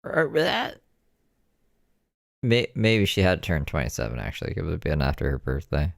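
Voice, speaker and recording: A man's voice: sits low, huge pitch swings, moderate pace, creaky, no echo, studio quality. A man chatting casually on a vlog, making offhand, joking asides. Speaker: co-host of vlog. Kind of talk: casual chat.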